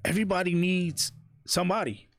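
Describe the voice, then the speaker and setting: A man on a casual interview show, telling animated stories and mimicking the people he quotes. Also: high voice, a little fast, no echo. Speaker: interviewer and guest. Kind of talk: casual podcast chat.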